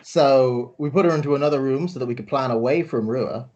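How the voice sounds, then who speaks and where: An Irish man recaps a tabletop session in casual chat. He rambles with dry jokes, and his pitch sits in the middle. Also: fairly quick, a little mellow, dull audio. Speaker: player.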